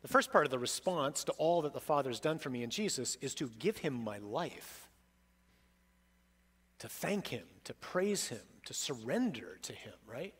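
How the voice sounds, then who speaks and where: A middle-aged man, a priest, preaching a sermon with emphatic, dramatic delivery that swings between loud peaks and soft drops. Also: mid-range voice, big pitch swings, normal speed, slightly rough.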